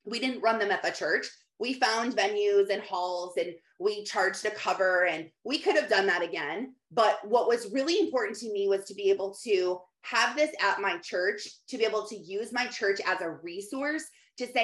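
A woman's voice: mid-range voice, normal speed, a bit bright. Candid churchy mom chatting away, room echo on her voice. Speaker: mom group leader. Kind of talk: casual faith talk to camera. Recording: echoey room.

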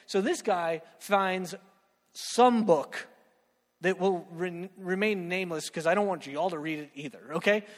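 A young man with a high, bright voice preaches a lively sermon, joking and checking in with "right?" after nearly every point. His voice rings with a long hall reverb, as if filling a church. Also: a little slow. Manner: animated, joking, keeps asking "right?".

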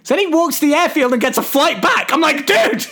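A man's voice: fast talker, sharp tone. A man co-hosting a podcast, recapping and mocking a film in casual, sarcastic, profanity-laced chat. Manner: sarcastic, swears, jumps high when exasperated. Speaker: podcast co-host.

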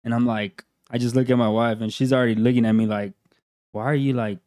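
Man, laid-back storyteller, casual and profane, mid-pitched, dry close sound. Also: level tone, quick pace, a little mellow, no room sound. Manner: laid-back, swearing, laughs through his story. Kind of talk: casual chat.

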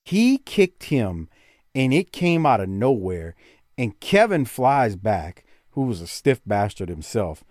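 A man in casual podcast talk who gets excited fast, swearing and drawing out words for emphasis. His pitch swings up and down with a lively bounce, and the sound is close and dry. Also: no echo. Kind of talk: casual chat.

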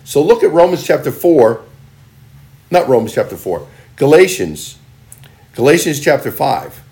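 A male pastor preaching a sermon, reading scripture and driving points home with emphatic, punchy delivery that swings between loud and soft. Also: medium pitch, sing-song, a little slow.

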